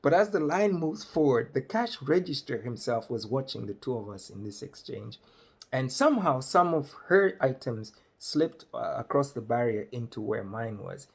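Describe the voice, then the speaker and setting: A man's voice: medium pitch, moderate pace, creaky, slightly rough. A man from Malawi, telling a comic story on stage and acting out the people in it. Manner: animated, acts out characters. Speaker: stand-up comedian.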